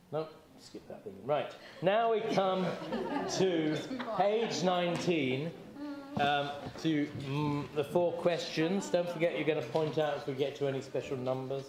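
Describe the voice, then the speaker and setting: Chatty man leading a group seder. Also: on the high side. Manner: chatty, encouraging, joking. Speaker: seder leader. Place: community hall or synagogue. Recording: echoey room.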